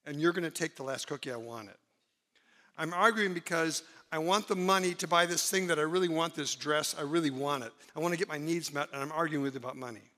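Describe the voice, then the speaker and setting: Man preaching, bright fairly high voice, conversational, church hall reverb. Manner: conversational, dramatizes examples with shifts in pitch and volume. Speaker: pastor. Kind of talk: sermon.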